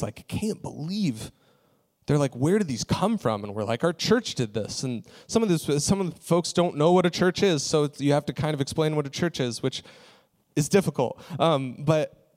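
A man preaching, telling a personal story in a relaxed, conversational way with frequent fillers. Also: mid-range voice. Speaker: pastor. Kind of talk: sermon story.

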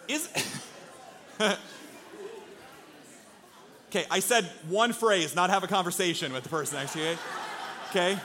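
Male pastor, fairly high voice, earnest conversational sermon delivery with lots of rhetorical questions. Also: a little slow, long pauses, sharp tone, a faint crowd, slight background noise. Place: church sanctuary.

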